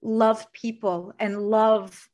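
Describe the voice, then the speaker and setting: A middle-aged woman who works as a coach speaks very slowly in a slightly high, fairly even voice with a darkish tone, the audio sounding dull. In an emotional interview she talks earnestly and from the heart about her work and family, speaking with conviction.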